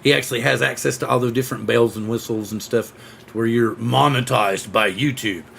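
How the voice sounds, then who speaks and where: A man's voice: medium pitch, a little fast, creaky, a bit bright, a little hiss or hum. A man hosting a casual livestream, chatting and rambling as he greets viewers by name. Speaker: host.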